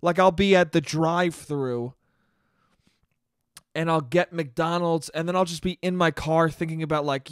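A man's voice: on the high side, fairly even intonation, unhurried, clear, resonant tone, no room sound, studio quality. Profane rambling young man podcaster. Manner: profane, rambling, self-mocking. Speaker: podcast host and comedian. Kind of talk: casual solo podcast monologue.

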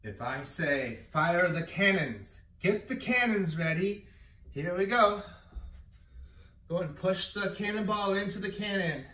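A man's voice: high-pitched, lively intonation, a little slow, sharp tone. A man teaching a PE class, explaining a game and calling out commands in a playful way. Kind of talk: leading a gym class game. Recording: echoey room, mic far off.

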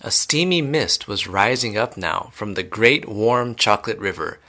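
A man reading a children's novel aloud clearly and steadily, as an English teacher. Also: fairly low pitch, animated, normal speed, sharp tone.

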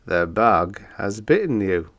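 A man's voice: on the low side, very animated, slow, fairly bright tone, full character voice. A man voicing a wisecracking bug-eyed male monster in an audiobook, breezy and matter-of-fact. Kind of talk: audiobook character voice.

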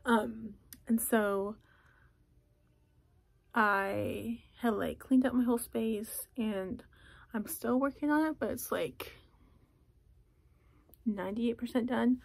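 A young woman vlogging in a casual chat from a closet at home, talking softly and often slipping into a whisper. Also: a little high, gravelly. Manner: soft, often drops to a whisper.

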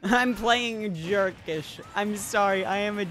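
A man's voice: high voice, a bit bright. A young man streaming a video game, chatting casually with viewers, playfully salty and laughing often. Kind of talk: casual live game commentary. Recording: faint background music.

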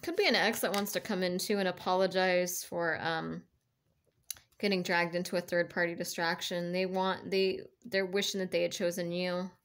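A woman's voice: on the low side, little pitch movement, moderate pace, fairly bright tone. A woman giving a casual tarot reading, chatty and encouraging, rambling with lots of fillers and restarts. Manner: chatty and encouraging, laughs between thoughts. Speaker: tarot card reader.

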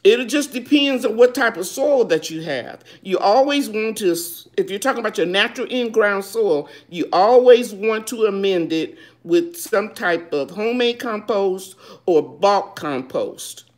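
Slow-talking woman hosting a garden chat. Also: mid-range voice, animated, a little mellow. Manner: reads viewer questions aloud, then answers them; homey, calls viewers baby. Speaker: gardening show host. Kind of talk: live chat answering viewer questions.

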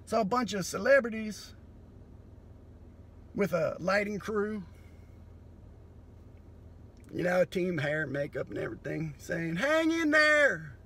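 A man doing a profane, sardonic comedy monologue that breaks into sudden loud bursts. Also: high voice, unhurried, creaky, husky.

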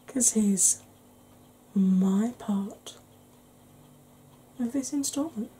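A woman hosting a makeup tutorial, chatting in a rambling, conversational way and sometimes dropping into a soft whisper. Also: medium pitch, very slow, a little hiss or hum, low-quality recording. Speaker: beauty channel host.

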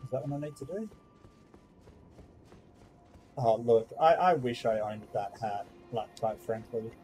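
Male gamer host, loose chatty play-along commentary, mid pitch, drifts off topic. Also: animated, a little slow, a little mellow, faint music behind, rough recording. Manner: chatty, rambling, easily distracted. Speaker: gaming streamer. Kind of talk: casual let's-play commentary.

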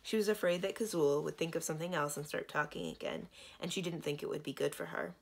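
A woman librarian narrating a children's novel aloud in a gentle, steady storytelling manner. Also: low voice, fast, gravelly, husky.

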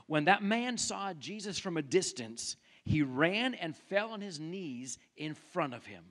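A man's voice: high-pitched, a bit bright. A man preaching a sermon in a church, telling a story conversationally and speaking directly to the congregation. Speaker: pastor. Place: church sanctuary.

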